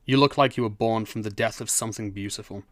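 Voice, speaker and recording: A man voicing a solitary, gruff male necromancer who speaks in a flat, understated way. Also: on the low side, fast talker, no echo, lightly acted. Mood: tender.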